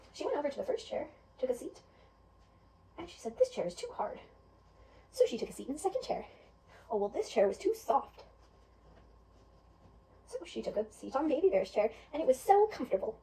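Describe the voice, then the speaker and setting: A woman teacher telling a children's story in an animated way, asking the children questions. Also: high-pitched, brisk, long pauses, far from the mic, a little hiss or hum, poor audio.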